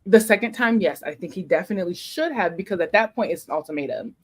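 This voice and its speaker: A woman's voice: on the low side, lively intonation, fast talker. A woman co-hosting a podcast in casual chat, making her points emphatically and with strong opinions. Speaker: podcast co-host.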